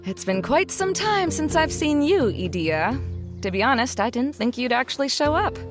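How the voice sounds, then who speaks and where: A woman voicing a composed, businesslike woman guide in a video game, brisk and teasing. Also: high voice, very animated. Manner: brisk, teasing, matter-of-fact. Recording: game audio with music behind.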